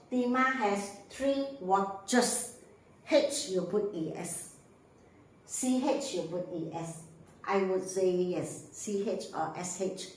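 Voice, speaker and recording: A woman, teaching a recorded grammar lesson in a slow, emphatic way and spelling words out letter by letter. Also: mid-range voice. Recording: very echoey room.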